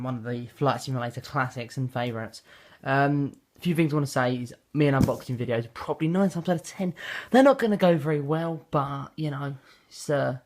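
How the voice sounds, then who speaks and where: A young man from England talks his way through an unboxing, self-deprecating and full of ums and uhs. His voice sits at a middling pitch. The home camera audio is noisy, with packaging crinkling and clicking behind him. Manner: rambling, self-deprecating, lots of fillers. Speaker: unboxing vlogger. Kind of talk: casual unboxing commentary. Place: home bedroom. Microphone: handheld camera mic.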